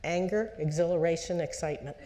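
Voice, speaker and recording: A woman psychologist giving a lecture to parents at a conference, lively and conversational, putting on the voices of parents and children and asking the audience questions. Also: on the low side, a little fast. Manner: asks the audience direct questions.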